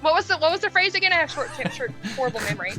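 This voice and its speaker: A woman's voice: high voice, very animated, racing, over loud music. A woman with a Southern US accent chatting on a video call with friends, laughing often and joking about herself. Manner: laughs often, self-deprecating. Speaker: guest. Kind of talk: casual group chat on a video call.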